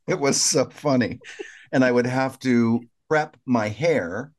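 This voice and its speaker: A man's voice: mid-range voice, slow. A middle-aged man co-hosting a casual podcast, telling stories and recapping scenes in detail. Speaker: podcast co-host.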